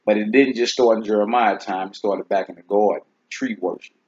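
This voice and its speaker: A man with a low, husky voice leads a relaxed scripture lesson. He keeps it loose and conversational, and he often checks in with his listener. The recording sounds dull and lo-fi. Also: brisk. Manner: laid-back, conversational, keeps asking "you see what I'm saying?". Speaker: host teaching scripture. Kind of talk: casual Bible teaching chat.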